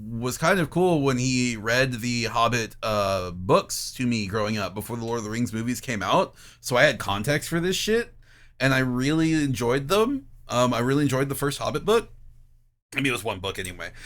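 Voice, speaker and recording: Male podcast co-host, casual and animated, frequent swearing. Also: mid-range voice. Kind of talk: casual chat.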